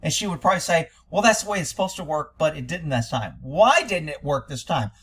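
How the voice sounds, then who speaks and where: Scornful, blunt man with a high voice. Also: expressive, brisk, a bit bright, slightly rough. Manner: profane. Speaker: commentator reacting to interview audio. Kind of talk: critical commentary.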